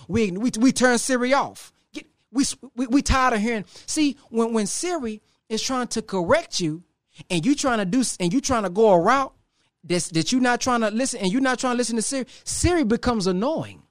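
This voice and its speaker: Male motivational speaker, high voice, dry close mic, preacherly with dramatic pauses. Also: lively intonation, dry recording. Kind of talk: motivational talk to a live audience.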